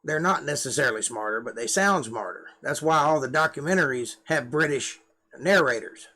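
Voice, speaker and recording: A man's voice: fairly high pitch, animated, moderate pace, bright, forceful tone. Southern-drawling man chatting on a live stream. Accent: Southern US (Georgia) drawl. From Georgia, US. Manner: rambling, self-deprecating, conversational. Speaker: live-stream host, musician. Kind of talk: casual live-stream chat to camera.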